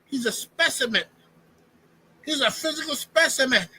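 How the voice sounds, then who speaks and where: A man's voice: extremely high pitch, normal speed, sharp tone, pitched above the performer's own voice, exaggerated voice. A man mimicking another man who gushes effusively over a handsome boxer. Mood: gushing. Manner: effusive, breathless gushing.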